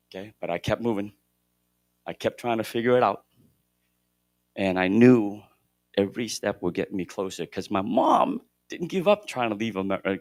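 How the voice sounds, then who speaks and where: A middle-aged man giving a motivational keynote at a conference, shifting between loud emphasis and hushed moments. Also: fairly low pitch, no echo, studio quality. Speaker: keynote speaker at a real estate conference. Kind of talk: motivational storytelling speech. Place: conference hall stage.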